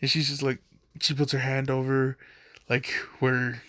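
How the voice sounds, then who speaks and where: A man's voice: medium pitch, monotone, unhurried, fairly bright tone, dry recording. A young man casually retelling a fan story, rambling with lots of fillers and laughing at himself.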